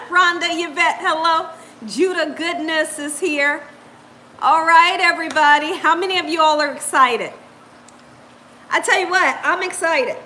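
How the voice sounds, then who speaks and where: A woman's voice: very high voice, unhurried, pauses often, pushed and bright, slight background noise. A woman hosting a live cooking stream, chatting upbeat with viewers, greeting them by name and laughing often. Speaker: cooking channel host.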